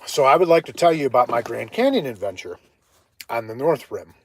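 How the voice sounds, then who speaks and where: A man from Ohio telling a hiking story on a casual live stream, chatty and animated, breaking off to greet viewers. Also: medium pitch, fairly quick, breathy edge. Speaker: livestreaming vlogger.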